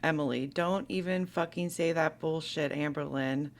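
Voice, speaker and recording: A synthetic woman's voice reading text messages aloud, taking both sides of an argument in an even, computer-like delivery. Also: low voice, moderate pace.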